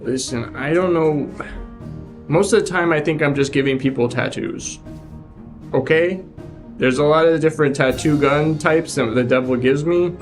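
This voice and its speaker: A man's voice: on the high side, moderate pace, faint music behind, close to an everyday voice. A man playing a shy, nervous male devil who works as a tattoo artist, talking hesitantly and evasively in an improvised comedy role-play. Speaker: improv performer playing a defendant.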